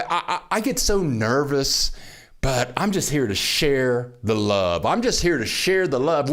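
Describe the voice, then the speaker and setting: Excitable older man hosting a livestream. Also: medium pitch. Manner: excitable, greets viewers by name. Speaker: livestream host. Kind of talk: casual livestream chat. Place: home in Mexico.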